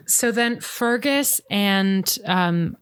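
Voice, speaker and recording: A woman hosting a casual podcast, recapping a TV episode in a lively storytelling way with quick asides and frequent laughter. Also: medium pitch, clear, resonant tone, no room sound. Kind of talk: casual chat.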